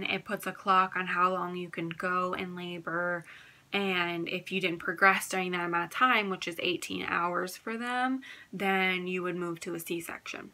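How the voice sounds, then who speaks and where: A woman's voice: mid-range voice, pushed and bright. A young woman vlogger telling a personal story in a casual, candid way, often saying "like". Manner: chatty, candid, fills talk with "like".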